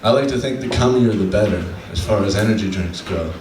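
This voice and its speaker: A man doing a stand-up comedy set on a club stage, deadpan, slowing down for his punchlines. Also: fairly low pitch, a crowd in the background. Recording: echoey room from a distant mic, faint ambience.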